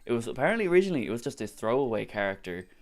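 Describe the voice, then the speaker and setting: Excitable, swearing Irish guy. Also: mid-range voice, very fast, faint music behind. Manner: excitable, swearing, lots of likes. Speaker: vlogger. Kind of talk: casual recap storytelling.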